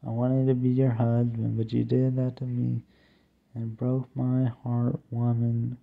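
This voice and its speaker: A man's voice: medium pitch, vocal fry. Young man talk-singing through a tinny phone. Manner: plaintive, slow, mostly flat talk-singing with drawn-out "ooh" cries. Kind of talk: homemade song, half sung, half spoken.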